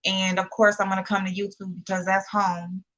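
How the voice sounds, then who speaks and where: A young woman talks loosely and informally to her livestream viewers as she sits down to do her makeup. She calls out commenters by name and admits she is a bit nervous. Her voice is bright and forward. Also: medium pitch, flat delivery, brisk, dull audio. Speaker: beauty YouTuber hosting a livestream. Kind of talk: casual livestream chat.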